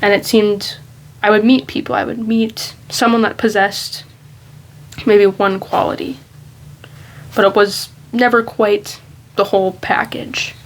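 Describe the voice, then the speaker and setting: A woman's voice: medium pitch, flat delivery, a little slow, low-quality recording. A woman vlogger talking casually and candidly in a rambling, reflective monologue.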